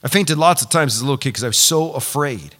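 A man preaching a sermon as pastor, animated and building to loud, emphatic peaks. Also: mid-range voice, quick pace. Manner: repeats himself when excited.

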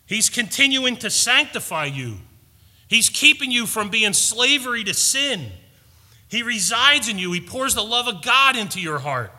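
A man's voice: very high-pitched, big pitch swings, a little slow, pushed and bright, long reverb tail. A man preaching a sermon, earnest and storytelling, building to emphatic points. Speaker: pastor.

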